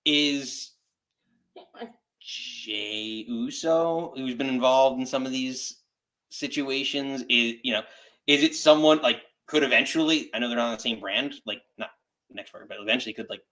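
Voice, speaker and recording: A man with a bright, forceful voice co-hosts a casual chat show. He talks with eager enthusiasm, rambling and restarting his sentences as he goes. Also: medium pitch, a little slow. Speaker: podcast co-host.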